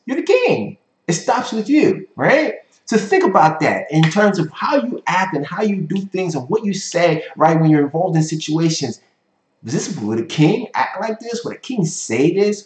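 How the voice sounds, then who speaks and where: A man giving a motivational business lecture at a whiteboard, speaking emphatically and ending points with "right?". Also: sits high. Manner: emphatic, repeats points, frequent "right?" tag questions. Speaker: business coach. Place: room with a whiteboard. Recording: echoey room.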